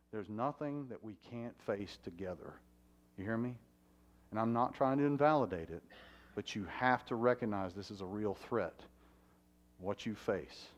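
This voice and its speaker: A fire chief speaking to a conference audience, animated and asking the room questions. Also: male voice, on the low side. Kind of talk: conference talk. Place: conference hall.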